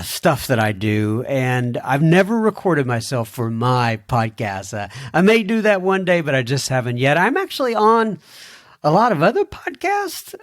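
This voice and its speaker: A man hosts his podcast in a chatty, folksy way, his pitch bouncing up and down as he talks. His voice sits a little high for a man and sounds dry and close to the mic. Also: no echo. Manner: chatty and folksy, with frequent uh fillers. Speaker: podcast host. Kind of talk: reading listener emails aloud.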